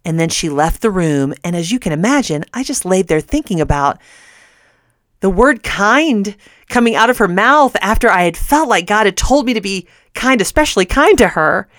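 Woman, Christian radio host, earnest storytelling, laughs between words, smooth tone. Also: medium pitch, very animated, moderate pace, a bit bright, no room sound, studio quality. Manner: earnest, often laughing mid-sentence.

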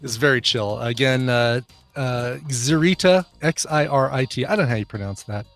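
A man's voice: medium pitch, moderate pace, soft background music. Wry joking male podcast co-host. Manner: joking, wry asides, laughs often. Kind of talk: casual chat.

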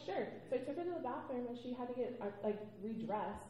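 A woman on a convention panel, telling blunt, animated stories and acting out what people said. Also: on the high side, fast talker, hardly any pauses, heavy reverb, poor audio. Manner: blunt, animated storytelling with acted-out quotes.

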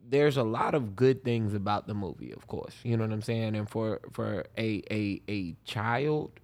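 A man's voice: fairly low pitch, animated, moderate pace, darkish tone. A man in his thirties co-hosting a podcast, teasing his partner and laughing often in casual slang. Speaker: podcast co-host. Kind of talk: casual chat.

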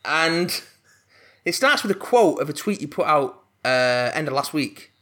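A young man co-hosting a podcast, chatty and excitable, laughing and swearing as he reads out listener mail. His voice sits a bit high and has a bright, forceful edge. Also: measured pace. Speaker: podcast co-host reading listener emails. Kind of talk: casual comedic chat.

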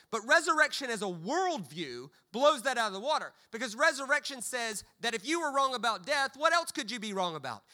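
Bright, high-voiced preacher telling funny stories. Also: male voice. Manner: humorous storytelling with stammered repeats. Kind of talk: sermon.

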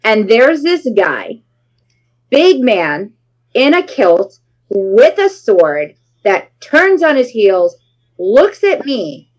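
A woman in her forties, a guest in a casual interview, telling a story with dramatic, animated retellings and acted-out quotes. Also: fairly high pitch, extremely slow, poor audio.

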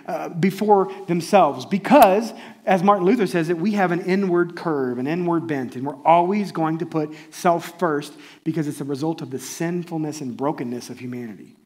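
A man preaching a sermon in a conversational, animated way, often checking in with listeners. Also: fairly high pitch. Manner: conversational, animated, often asks the audience "right?". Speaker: pastor.

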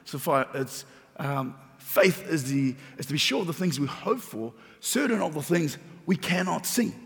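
A man's voice: on the high side, lively intonation, normal speed, fairly bright tone. A man preaching a sermon as pastor, repeating phrases and building emphasis. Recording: long reverb of a large hall.

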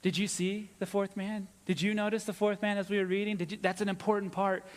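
A pastor preaching a sermon with earnest emphasis, dropping low and soft on his key points. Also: little pitch movement, fairly quick. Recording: long reverb of a church hall.

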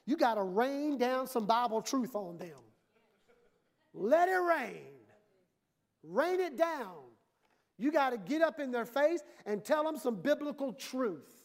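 A woman's voice: high-pitched, very animated, slow pace, a little mellow. A woman pastor preaching a sermon in a church, emphatic and conversational, often acting out the voices she quotes.

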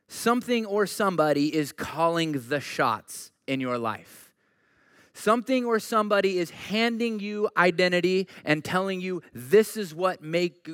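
A man preaching a sermon as pastor, talking in a conversational way that moves between animated asides and quiet, earnest questions. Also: fairly high pitch, no room sound, clean studio sound.

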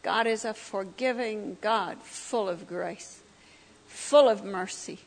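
A woman's voice: medium pitch, slow pace, gravelly. A middle-aged woman giving her personal testimony at a church breakfast, telling the story vividly and acting out what people said. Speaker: guest speaker sharing her testimony. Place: church meeting hall. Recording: long hall reverb.

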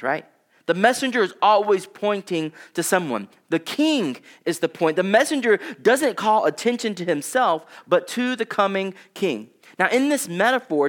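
Casual preaching man, fairly high voice. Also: a bit bright. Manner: conversational preaching with fillers, dropping low for scripture quotes. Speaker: pastor. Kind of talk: sermon.

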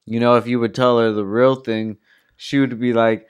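A man's voice: mid-range voice, little pitch movement, normal speed, clean tone. A man in casual chat, bantering in a laid-back way with slang and swearing.

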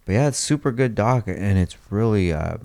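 Male podcast co-host, very low voice, easygoing banter. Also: animated, normal speed, vocal fry, a little mellow. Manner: laid-back, joking, earnest when praising. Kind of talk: casual chat.

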